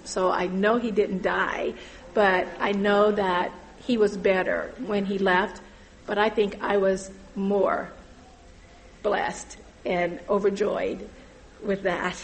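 Woman, middle-aged, personal testimony, earnest, halting, many fillers. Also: mid-range voice, slight background noise, rough recording. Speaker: church volunteer sharing testimony.

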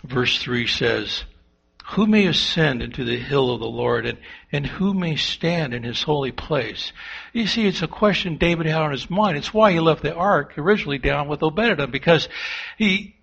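Gravelly man preaching a sermon. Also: fairly high pitch, animated, moderate pace. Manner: rhetorical questions to the congregation; dynamic, swings between loud and hushed. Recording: dull lo-fi sound.

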